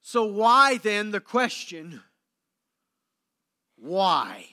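A man preaching a sermon, moving between loud emphatic declarations and hushed, low passages with dramatic pauses. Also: very animated. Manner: slow deliberate delivery with dramatic pauses. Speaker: pastor.

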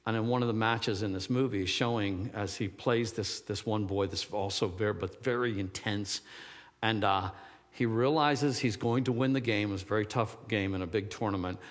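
A man's voice: lowish voice, normal speed. A man preaching a sermon, rambling and searching for words, then rising to emphatic fervor. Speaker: pastor. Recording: long hall reverb.

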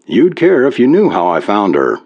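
A man's voice: fairly low pitch, huge pitch swings, moderate pace, exaggerated voice. A man voicing a weary, sarcastic farmer in a read-aloud story, in a dry, plainspoken way. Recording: dull lo-fi recording.

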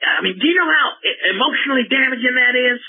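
Man voicing a bitter radio quack, husky, stammering, ranting, phone audio. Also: extremely high pitch, expressive, quick pace, exaggerated voice. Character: bitter washed-up male radio self-help host. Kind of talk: comedy prank call sketch. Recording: tinny phone line.

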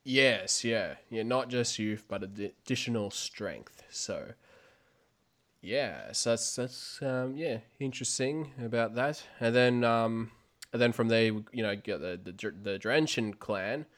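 A man's voice: mid-range voice, unhurried, a bit bright. A man co-hosting a casual fan podcast, hesitant with many fillers and restarts. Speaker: podcast co-host.

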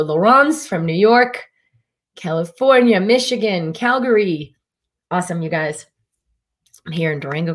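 A woman physician hosting a live stream, talking casually with a meandering style full of fillers and restarts. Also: mid-range voice. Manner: meandering, easygoing talk with frequent fillers and restarts. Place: Durango, Colorado.

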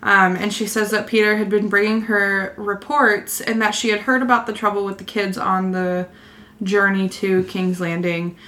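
A woman's voice: medium pitch, flat delivery, normal speed, fairly bright tone. Giggly young woman retelling a story. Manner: giggly, stumbles over words, laughs often. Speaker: podcast co-host retelling a book chapter. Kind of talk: casual chat.

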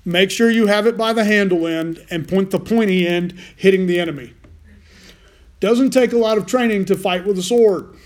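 High-pitched guy preaching, folksy, cracks jokes, stumbles and restarts a lot. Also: moderate pace. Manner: folksy, self-deprecating asides with frequent restarts. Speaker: pastor. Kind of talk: sermon.

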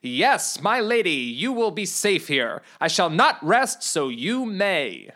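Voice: mid-range voice, sing-song, slow, sharp tone, exaggerated voice. A storyteller voicing a boastful, oblivious young male knight in a comedy storybook, declaiming each line grandly and stretching out the words. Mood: grandiose. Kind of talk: storybook reading.

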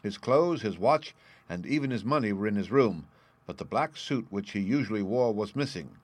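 A man with a low voice reads a classic story aloud in the first person, steady and formal. The sound is close and dry, with no room around it. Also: normal speed, no echo. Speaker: audiobook narrator.

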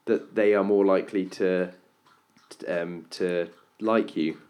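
A man's voice: sits low, steady tone, takes it slowly, a little mellow. A man co-hosting a casual podcast chat, asking questions and giving rambling advice with many restarts. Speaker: podcast co-host.

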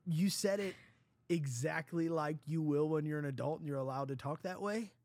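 A middle-aged man, a father, talking casually in an earnest, rambling, halting way. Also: a little high, darkish tone, no room sound, studio quality. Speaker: father and podcast host. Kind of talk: casual conversation.

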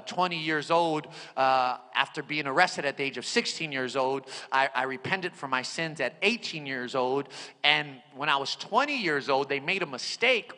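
A pastor preaching a sermon, rising into shouted bursts and dropping low and quiet for personal stories. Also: male voice. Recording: hall reverb.

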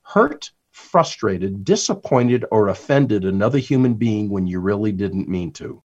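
A man's voice: on the low side, lively intonation, unhurried, muffled recording. A man, an author and workplace trainer, talking as a podcast guest who acts out the lines he quotes.

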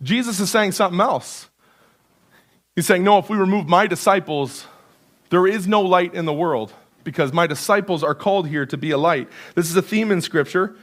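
High-voiced male pastor preaching. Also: moderate pace, a bit bright. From Canada. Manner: earnest, conversational preaching with repetition and emphatic buildup. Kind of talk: sermon. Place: church sanctuary.

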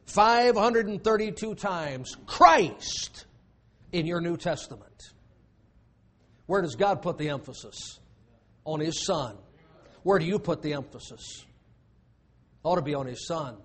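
A man preaching a sermon as pastor, emphatic, with dramatic pauses and drops to a hushed voice. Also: fairly high pitch, expressive.

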